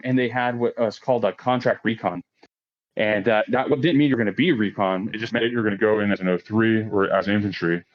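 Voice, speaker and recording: A man in his late thirties, a podcast guest, telling a story in a casual, profane way, laughing often and acting out quoted lines in a raised voice. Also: lowish voice. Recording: dull lo-fi podcast audio.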